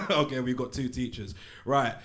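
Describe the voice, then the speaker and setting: A man's voice: mid-range voice, measured pace, a bit bright. A young man doing a live stand-up set on a handheld mic in a small comedy club, crude and punchy, swearing and teasing the crowd.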